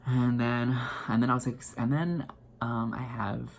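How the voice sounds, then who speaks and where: A young man telling a story to his viewers in an excited, rambling way, full of fillers and restarts. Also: mid-range voice, moderate pace, creaky, slight background noise. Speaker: vlogger. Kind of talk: casual storytelling to camera.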